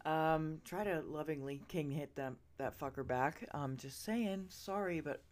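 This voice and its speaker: A woman hosting a podcast, ranting straight at her listeners, swearing freely and swinging from loud outbursts to hushed asides. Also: low voice, slow. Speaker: podcast host. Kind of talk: ranting opinion monologue. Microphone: earbud listeners, close mic.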